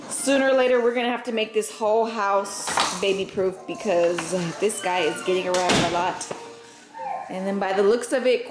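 A woman's voice: medium pitch, roomy sound. A young woman vlogging at home about her twins, chatty and loose, with lots of "like" and "freaking". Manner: chatty, says "freaking" and "like" a lot. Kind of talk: casual home vlog. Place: family home.

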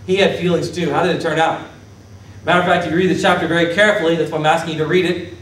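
High-voiced pastor preaching in an echoey hall. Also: male voice, racing. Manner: animated, asks the congregation questions and acts out Bible figures. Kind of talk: sermon. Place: church sanctuary. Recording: echoey church hall from a distance.

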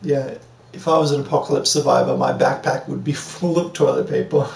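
A man's voice: medium pitch, steady tone, brisk, creaky, darkish tone, recorded from a distance. A man streaming a video game, chatting casually and joking around with silly impressions. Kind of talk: casual gameplay commentary. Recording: roomy room with faint background noise.

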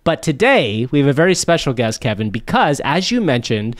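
A man co-hosting a podcast in casual chat, upbeat and joking, quick to laugh. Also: medium pitch, sing-song. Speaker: podcast co-host.

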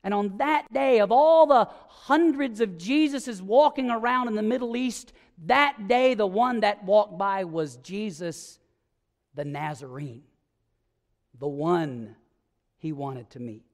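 A male pastor with a strikingly high voice delivers a sermon, retelling the scene vividly and rising to ringing, emphatic claims. His words carry a long reverb that lingers through the church sanctuary. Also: slow pace. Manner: vivid storytelling, acting out scenes.

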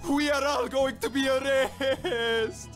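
An actor voicing a solemn, gloomy computer program in a video game, speaking in a formal, dramatic way. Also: male voice, very high-pitched, steady tone, slow pace, a bit bright, full character voice. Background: game music.

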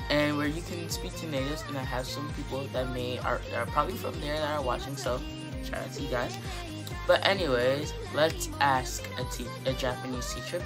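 A woman teaching Japanese in a casual video lesson, rambling a bit, correcting herself and repeating words slowly to demonstrate. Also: extremely low pitch.

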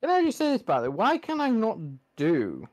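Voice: mid-range voice, wildly swooping pitch, moderate pace, darkish tone. A gamer commentating on their own play, swearing often and complaining in frustration. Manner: swears a lot and vents at the game. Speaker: gamer playing through a game. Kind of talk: gameplay commentary.

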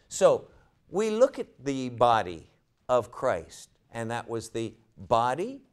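A man teaching a Bible lesson at an unhurried pace, his fairly high voice rising and falling a lot. He poses rhetorical questions to his listeners and often repeats words while he gathers his thoughts. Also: clear, resonant tone. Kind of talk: Bible study lecture.

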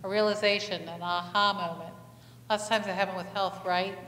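A woman's voice: medium pitch, fairly even intonation, brisk, fairly bright tone. A woman pastor giving a conversational sermon, asking the congregation many questions and telling stories with animation. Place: church sanctuary. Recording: echoey church hall, faint ambience.

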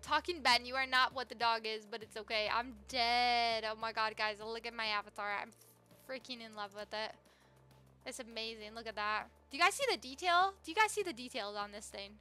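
High bright excitable young woman streamer. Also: a little fast, soft background music. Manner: excitable, gushing, talks to chat. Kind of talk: live game stream chat.

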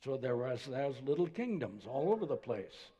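An older male pastor gives a sermon in a storytelling way, his mellow, warm voice ringing out through a church with a long reverb. He talks to the congregation as if chatting, and turns quiet and gentle when he quotes someone. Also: mid-range voice, sing-song, normal speed, husky. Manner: conversational storytelling preacher, drops to soft voice for quotes. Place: church sanctuary.

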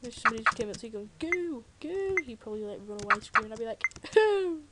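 A British teenage girl chatting loosely over her gameplay in a fairly high voice, cracking jokes and drifting off on tangents. Her words sit over loud, constant keyboard clatter picked up by a computer microphone. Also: flat delivery, rapid-fire. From Britain. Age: teens. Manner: chatty, jokey, rambling asides. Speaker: Let's Play gamer. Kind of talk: casual game commentary. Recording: loud keyboard typing noise. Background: loud keyboard clicks and typing.

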